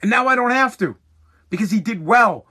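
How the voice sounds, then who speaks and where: A man's voice: sits high, expressive, moderate pace, bright, forceful tone, slightly rough. A man in his thirties telling a casual story about his son, blunt and swearing freely. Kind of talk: casual monologue.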